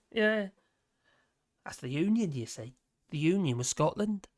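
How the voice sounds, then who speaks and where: A man's voice: fairly high pitch, expressive, measured pace, long pauses. A man hosting a live stream, chatting casually with a rambling, chuckling, sarcastic manner.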